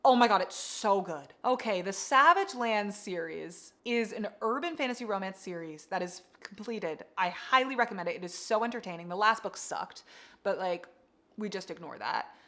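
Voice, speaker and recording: A young woman with a bright, crisp voice gushes over her favorite books in a casual vlog chat. She talks excitably and swears freely as she goes, her voice sitting at an ordinary middle pitch. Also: moderate pace. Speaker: book vlogger. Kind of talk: casual book review chat.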